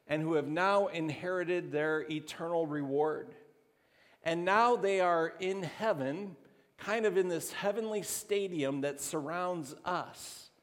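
Slow-speaking pastor in a reverberant hall. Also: male voice, fairly high pitch. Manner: conversational, halting with restarts and fillers. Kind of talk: sermon. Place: church sanctuary.

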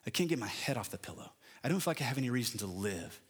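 A man's voice: medium pitch, sing-song, rapid-fire, slightly rough. A middle-aged man preaching a sermon, building emphatic lists and telling a personal story from the pulpit. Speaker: pastor.

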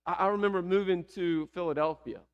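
A man's voice: high-pitched, fast, smooth, muffled recording. A man with a Southern American accent preaching a sermon, asking the congregation rhetorical questions. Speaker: pastor.

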